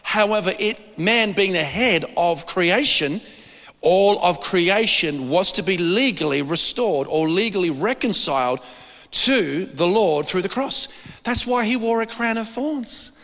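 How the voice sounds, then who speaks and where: A man preaching with a high, bright, forceful voice. He rambles and jumps into the voices of the people he quotes. A long reverb from a large hall trails every phrase. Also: expressive, measured pace. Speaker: pastor. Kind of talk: sermon.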